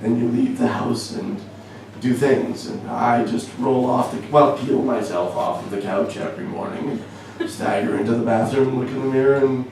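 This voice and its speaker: A man's voice: mid-range voice, steady tone, moderate pace, vocal fry, few pauses, a little mellow, far from the mic. A young Canadian man doing a stand-up comedy set in a club, wry and self-deprecating, stumbling over fillers as he goes. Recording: echoey club, voice from afar, faint room noise.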